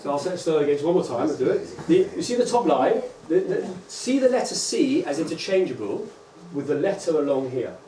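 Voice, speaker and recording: A man's voice: on the high side, fairly quick, hardly any pauses. Man lecturing in an echoey hall. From England. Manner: lively, checks in with frequent "right?" and "okay?". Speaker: rabbi teaching teachers. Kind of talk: conference lecture. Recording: echoey hall, distant mic, faint hum.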